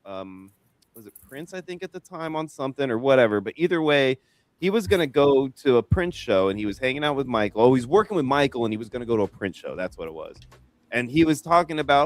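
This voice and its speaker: A man's voice: medium pitch, very animated, fast, faint music behind. A man on a fantasy sports podcast, chatting casually and telling a long rambling story full of fillers. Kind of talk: casual chat.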